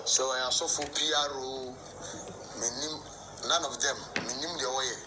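A man's voice: medium pitch, steady tone, normal speed. A man with a Ghanaian accent talking heatedly, repeating his points for emphasis. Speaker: pastor. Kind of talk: heated talk. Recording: noisy echoey recording.

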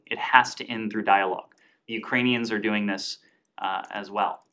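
A man, a government spokesperson, answering questions at a press briefing in a measured, deliberate way with many "uh" fillers. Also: on the low side, steady tone, bright, forceful tone. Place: briefing room.

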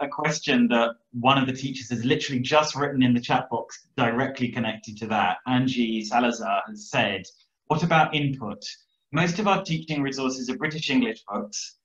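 A man's voice: mid-range voice, fairly bright tone. A man hosts an online interview, stopping and restarting as he reads out questions from the chat. His voice comes through an echoey room with dull, muffled video call audio. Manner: hesitant, searching for words, many fillers. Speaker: interview host. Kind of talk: hosting online interview, reading audience questions.

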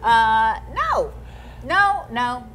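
Woman, playful chat, very animated pitch, studio audience laughter behind. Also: very slow, a loud crowd. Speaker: talk show guest.

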